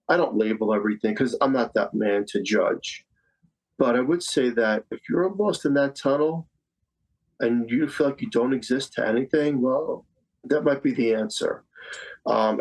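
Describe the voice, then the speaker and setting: A man's voice: fairly low pitch, rough recording. A man in his fifties from Staten Island, a psychic medium guest telling a personal story in conversation, earnest and repeating phrases for emphasis. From Staten Island, New York. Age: 50s.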